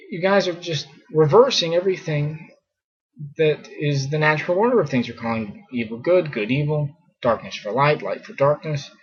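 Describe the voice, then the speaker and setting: Casual scripture teacher, male, husky and fairly high, muffled lo-fi recording. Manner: conversational, many fillers, mockingly exasperated.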